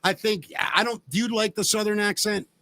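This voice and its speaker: A man's voice: high-pitched, steady tone, moderate pace, pushed and bright, no room sound. A man hosting a podcast in casual chat, blunt and jokey. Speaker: podcast host.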